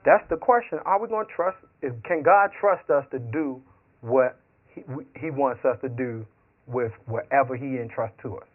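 A man's voice: medium pitch, moderate pace. A man preaching a sermon, telling stories with acted quotes, laughing along as he goes. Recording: tinny phone-like radio sound.

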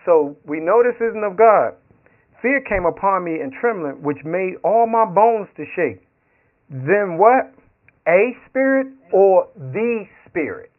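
A man's voice: high-pitched, animated, slow pace. A man preaching a sermon, telling stories with acted quotes, laughing along as he goes. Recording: tinny phone-like radio sound.

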